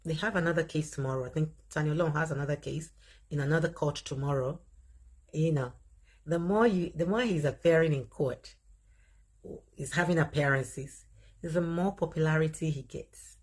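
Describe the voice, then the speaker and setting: A Nigerian woman with a husky, slightly breathy, low-pitched voice hosts a live online chat at a normal speed. She's animated and laughs often, speaking straight to her viewers and reading their comments aloud between her own remarks.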